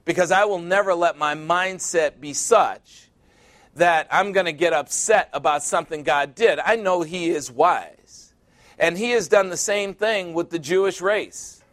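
Earnest preacher man, higher voice. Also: a little slow, fairly bright tone. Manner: earnest, call-and-response "Amen?". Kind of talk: sermon.

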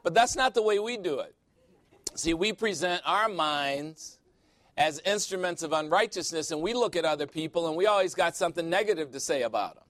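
An animated male pastor preaches with a slightly high voice, telling stories and slipping into playful quoted voices. The sound is dry and close, with little room around it. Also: a little fast, no room sound. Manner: animated storytelling, quotes people in voices, laughs often. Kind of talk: sermon.

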